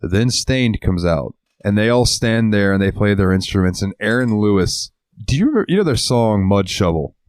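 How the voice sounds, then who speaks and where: A man with a very low voice tells long rambling stories as a podcast co-host, cursing casually as he goes. The sound is dry and close, with no room around him. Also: expressive, moderate pace, darkish tone, dry recording. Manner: swears a lot and rambles through stories. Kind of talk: casual chat.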